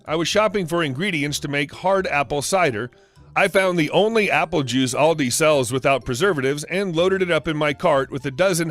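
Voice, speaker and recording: A male storyteller with a fairly high voice and animated intonation, reading scripted online stories in a matter-of-fact way. Faint music runs quietly underneath the voice. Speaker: narrator.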